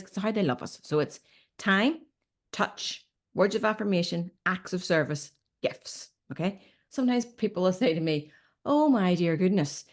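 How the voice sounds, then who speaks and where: A woman in her fifties, a relationship coach chatting as a guest and acting out little stories. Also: fairly low pitch. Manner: animated storyteller, acts out quotes, says "okay?" often. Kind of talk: casual advice chat.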